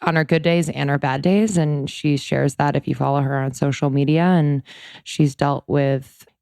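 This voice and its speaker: A woman's voice: sits low, fairly even intonation, normal speed, creaky, darkish tone, dry recording, studio quality. A young adult woman co-hosting a podcast in casual chat, laid-back and laughing often. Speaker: podcast co-host.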